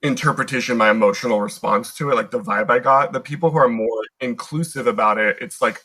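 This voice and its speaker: A man's voice: mid-range voice, steady tone, a little fast, hardly any pauses, bright, forceful tone, rough recording. A young American man in casual conversation as a podcast guest, talking in loose, rambling sentences full of "like" and restarts. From United States. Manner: chatty, lots of "like" fillers and restarts.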